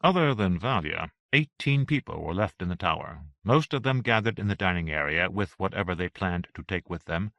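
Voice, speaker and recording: A man reads a novel aloud in a measured, expressive way. His voice is bright and fairly low, with a lively pitch, in a dry, close setting. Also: gravelly, no echo. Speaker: audiobook narrator. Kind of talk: scripted narration.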